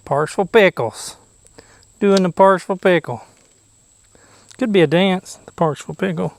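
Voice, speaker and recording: A man with a drawl narrates his fishing trip from a boat, his voice pitched a little on the high side. He rambles in a silly, playful way, cracking jokes and sometimes whispering to himself. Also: moderate pace, gravelly, pauses often. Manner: goofy, chatty, drops into whispers and silly sing-song noises. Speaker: fishing vlogger. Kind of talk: casual fishing commentary. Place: outdoors on a boat.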